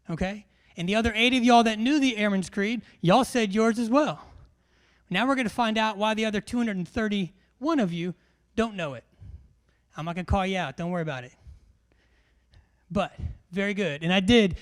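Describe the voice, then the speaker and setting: A man, a military instructor giving a live classroom briefing in a large hall, joking and quizzing his audience. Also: high voice.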